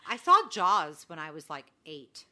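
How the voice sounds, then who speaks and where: Low-pitched but with big swings, her voice sounds pushed and bright, and she speaks a little slowly. She's a podcast co-host chatting casually and acting out dialogue within a story.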